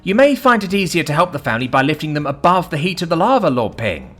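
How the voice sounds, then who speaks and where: A man's voice: fairly high pitch, sing-song, fast, soft background music, pitched above the performer's own voice. A man voicing a polite, formal woman who gives helpful advice from a castle. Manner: courteous, formal address.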